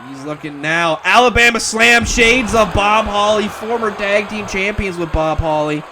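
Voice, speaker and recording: A man calling wrestling play-by-play, excitable and breaking into shouts at near-falls. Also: sits high, measured pace, noisy background. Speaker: wrestling commentator. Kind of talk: play-by-play commentary.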